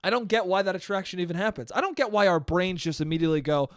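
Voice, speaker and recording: A man's voice: a little high, fast, hardly any pauses, dry recording, studio quality. A young man hosting a solo podcast, rambling and swearing, often cutting himself off and laughing. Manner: rambling, profane, self-interrupting, laughs often. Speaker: podcast host. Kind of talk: casual solo podcast monologue.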